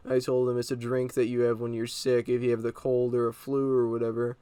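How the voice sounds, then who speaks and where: A man's voice: medium pitch, completely flat delivery, fairly quick, dark tone, clear, resonant tone, dry recording. A young man casually telling a story, rambling and exasperated with lots of fillers.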